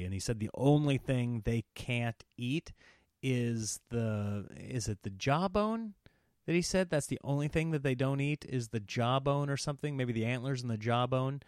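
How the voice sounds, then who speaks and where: Animated storytelling comedian, dry studio sound. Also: male voice, mid-range voice, normal speed, no room sound. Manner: animated, acts out quotes in raised voices. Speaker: comedian podcast host. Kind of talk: comic storytelling.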